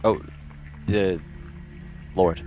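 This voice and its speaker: Man, tabletop player, lowish voice, formal in character, faint music behind. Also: fairly even intonation, very slow, warm tone, low-quality recording. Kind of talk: tabletop role-play, speaking in character.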